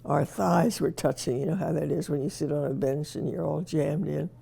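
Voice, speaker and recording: A woman's voice: sits low, fairly even intonation, moderate pace, vocal fry, dark tone, slightly rough. An older woman reminiscing in a casual interview, telling wry anecdotes and chuckling at herself.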